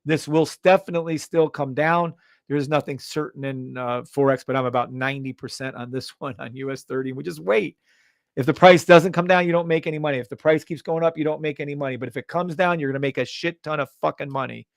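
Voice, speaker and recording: A man hosting a live trading stream, loud and hyped, cursing freely and dropping from shouts to mutters. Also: medium pitch, a little fast, creaky, no echo.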